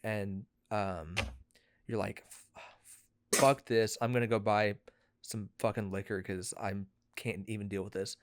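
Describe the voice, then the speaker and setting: A young man co-hosting a podcast, spinning a long profane hypothetical between fits of laughter and sudden shouts. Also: fairly low pitch, steady tone, unhurried, noisy background. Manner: rambling, profane, laughing storyteller who shouts when interrupted. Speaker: podcast co-host. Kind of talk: casual chat.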